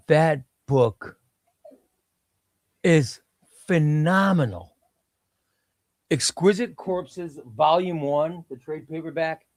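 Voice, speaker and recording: A man with a slightly high voice talks into a close, dry mic on a live stream. He is enthusiastic and chatty and keeps repeating his words. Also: dry recording. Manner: enthusiastic, repeats himself, reads chat aloud. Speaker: comic book live stream host. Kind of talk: casual live stream chat.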